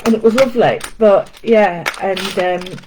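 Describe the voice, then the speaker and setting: Over a noisy background, a woman with an unhurried, mid-range voice hosts a casual art lesson on live stream using a home camera setup. She chats, greets viewers by name, and makes self-deprecating asides.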